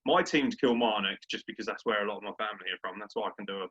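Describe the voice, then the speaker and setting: A man's voice: fairly low pitch, rapid-fire, a bit bright. A young man, a podcast co-host in casual sports chat, brash, sweary and ranting. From Britain. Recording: dull lo-fi audio.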